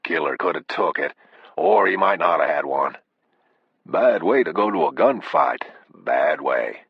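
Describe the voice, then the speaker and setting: A man's voice: rumbling low, lively intonation, vocal fry, husky, no room sound, heavily acted. Man voicing a grim, laconic Texas sheriff. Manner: slow, laconic drawl. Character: weathered older male Texas sheriff, calm and grim. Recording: dull, dry lo-fi audio.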